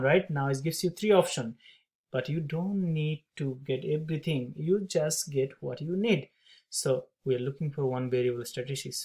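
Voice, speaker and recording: Loud teacher with a classroom voice. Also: mid-range voice. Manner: upbeat, talks steps aloud. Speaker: math teacher. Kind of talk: calculator tutorial walkthrough.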